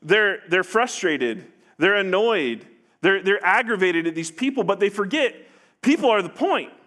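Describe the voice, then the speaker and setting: A man's voice: sits high, lively intonation, unhurried, fairly bright tone. A man preaching a sermon, earnest, often restarting phrases and acting out what people say. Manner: earnest, with repeated restarts and acted-out paraphrases. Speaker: pastor.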